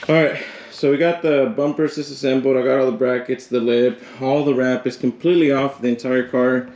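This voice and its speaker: A man's voice: mid-range voice, steady tone, fairly quick, darkish tone. Casual chatty man vlogging outdoors. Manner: casual, chatty, addresses viewers as "you guys". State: out of breath. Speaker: car vlogger. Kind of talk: casual vlog narration. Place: outdoors on a driveway, hot day.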